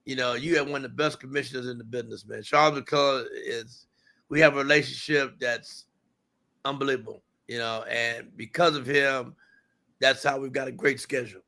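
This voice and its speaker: A man's voice: mid-range voice, fairly even intonation, moderate pace, gravelly, bright, forceful tone. A male network executive appearing as a guest on a sports talk show, speaking appreciatively and filling with "you know". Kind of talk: casual talk show interview.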